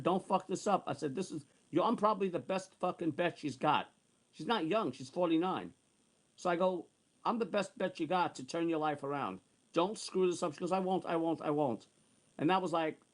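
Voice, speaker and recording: A sixty-year-old man in a heated, profane rant, circling back over the same points again and again. His voice sits a little high for a man, and his delivery is worked up and insistent. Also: a little fast. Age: 60s. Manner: heated, repetitive, profane ranting. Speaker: online streamer. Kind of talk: angry ranting monologue.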